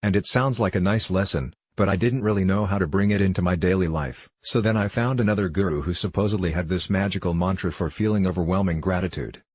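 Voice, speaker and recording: A man being interviewed over a video call from home, telling stories in a relaxed, wry, self-deprecating way. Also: deep voice, fast, hardly any pauses, husky, dry recording, clean studio sound. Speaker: interview guest. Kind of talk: relaxed storytelling in a conversational interview.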